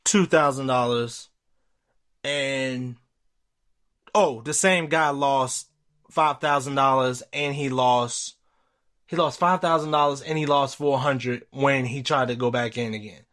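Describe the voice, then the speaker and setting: A young man hosting a podcast, telling a story in a casual, profane, animated way. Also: medium pitch, takes it slowly. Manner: animated, profane, retells quotes with voice jumps. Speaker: podcast host.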